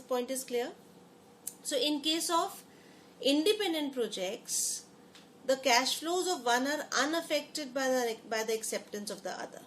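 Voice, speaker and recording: A woman lectures her students in a high-pitched voice, repeating phrases often and asking them questions. A slight hiss or hum runs through the audio.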